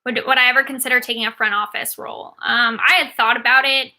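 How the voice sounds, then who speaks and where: A woman's voice: a little high, fairly even intonation, quick pace, sharp tone. A woman in her thirties, a sports agent, casually answering viewer questions while watching a game, with many ums and likes.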